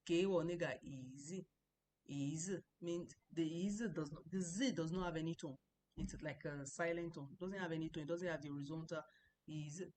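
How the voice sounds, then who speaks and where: A woman teaching a language lesson, explaining patiently, repeating example sounds slowly and often restarting her sentences. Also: on the low side, darkish tone, slight background noise. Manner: frequent restarts and stammering. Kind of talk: recorded online lesson.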